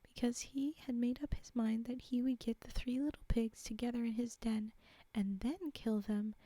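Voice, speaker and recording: Soft-spoken woman reading fairytales aloud. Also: a little high, fairly even intonation, moderate pace. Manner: soft, often half-whispered, chatty asides. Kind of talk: live-stream story reading.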